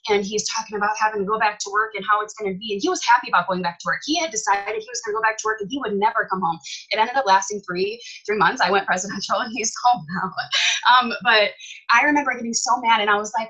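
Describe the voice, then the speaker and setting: A young woman candidly telling her personal comeback story in an animated, emphatic way. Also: mid-range voice, fast, slightly rough, low-quality recording. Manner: animated, emphatic, swears casually.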